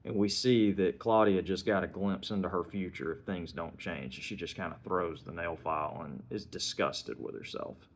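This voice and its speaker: A man's voice: low-pitched, moderate pace, hardly any pauses. A man giving a casual spoken film review, retelling scenes and dialogue in a conversational way.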